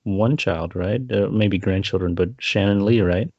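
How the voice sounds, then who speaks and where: Speaking at a normal speed in a low, steady, slightly mellow voice, this male co-host chats casually about films. His storytelling is loose and rambling, with frequent laughter and acted-out quotes, and the audio is dry and dull lo-fi with no room sound.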